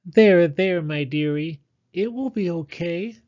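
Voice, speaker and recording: A man's voice: high-pitched, takes it slowly, a little mellow, lo-fi sound, voice pushed up. A man voicing a kindly, motherly female mole who talks in a soothing, fussing way. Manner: soothing, fussing, calls people dearie.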